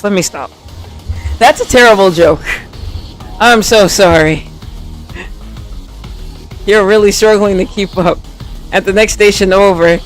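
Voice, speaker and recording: A man's voice: sits high, a bit bright. A man casually commenting on a game playthrough, reading the on-screen text aloud and cracking playful jokes. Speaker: game streamer.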